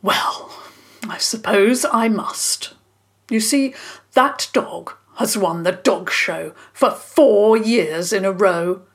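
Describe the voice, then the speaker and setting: In a children's story, a woman with a husky, medium-pitched voice speaks slowly as she voices a flustered middle-aged man. Racked with guilt, he splutters, sighs, and apologizes as he confesses.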